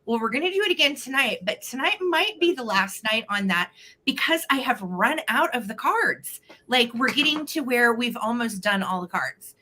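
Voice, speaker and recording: A woman's voice: on the high side, animated, normal speed, sharp tone. Bubbly woman hosting a live sale. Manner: bubbly, greets viewers by name. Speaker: host of a live online vintage sale. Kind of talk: casual live-stream chat.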